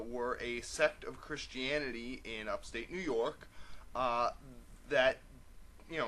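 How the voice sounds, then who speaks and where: A man's voice: fairly high pitch, a bit bright. A young man vlogging casually to camera, chatty and rambling with many fillers. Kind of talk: casual vlog talk to camera.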